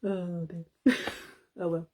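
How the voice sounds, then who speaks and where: A woman's voice: fairly low pitch, little pitch movement, slow, mellow. Giggly woman telling a home story. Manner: giggly anecdote telling, laughing often. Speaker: live stream host. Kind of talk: casual chat on a live stream.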